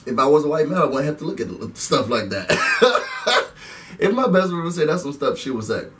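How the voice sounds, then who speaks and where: A man giving a chatty, animated recap and rant to his viewers, calling them "y'all" as he talks. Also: on the high side, a little fast, distant mic, background noise. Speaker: reality TV recap vlogger. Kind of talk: casual recap rant to camera.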